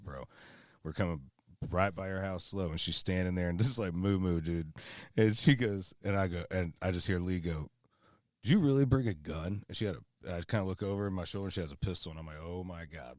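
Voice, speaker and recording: A man telling a rambling, animated story in casual talk outdoors by a fire, full of "bro" and "dude". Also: sits low, dry recording. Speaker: podcast co-host.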